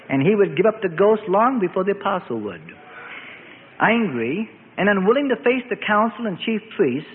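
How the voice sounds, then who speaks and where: Guy with a high voice telling a bible story, tinny phone-line sound with long echo. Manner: dramatic, measured storytelling. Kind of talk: dramatic scripted narration of a biblical story. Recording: phone-like band with long reverb and faint noise.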